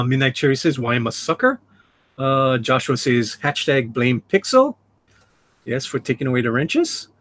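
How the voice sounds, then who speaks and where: Gravelly man chatting on a livestream. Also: mid-range voice. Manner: chatty, laughs often, reads chat aloud with jokey asides. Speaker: livestream host. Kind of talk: casual livestream chat reading comments. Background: dog jumping on him.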